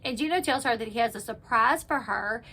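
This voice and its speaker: Woman host, casual recap vlogger, a little high voice, bright and lively delivery, loves "like". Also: brisk, slightly rough. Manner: chatty, peppers speech with "like", acts out quotes. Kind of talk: casual retelling of a reality TV episode.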